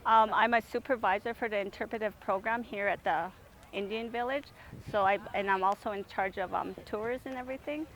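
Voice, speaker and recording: A woman's voice: mid-range voice, brisk, fairly bright tone, slight background noise. Woman from Siksika Nation explaining culture. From Siksika Nation, Alberta. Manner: plain, explanatory, with fillers. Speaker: interpretive program supervisor. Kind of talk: explaining to an interviewer.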